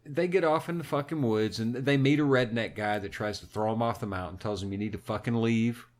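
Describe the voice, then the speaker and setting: A man's voice: mid-range voice, a little fast. A man co-hosting a podcast, telling a movie plot in casual, heavily profane chat. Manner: animated, heavy swearing, recounts a film plot. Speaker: podcast co-host.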